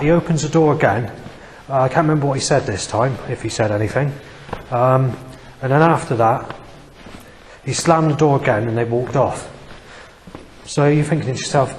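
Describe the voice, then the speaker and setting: An agitated man talks on and on in a rambling vlog monologue, cursing freely and repeating himself. His mid-pitched voice rings out with a long reverb tail, and a faint hiss sits underneath. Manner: agitated, profane, repetitive. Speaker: vlogger.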